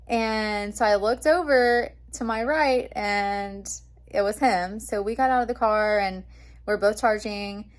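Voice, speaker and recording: A young woman vlogging, telling an excited story in a chatty way with lots of fillers. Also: mid-range voice, a little slow. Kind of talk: casual storytelling vlog.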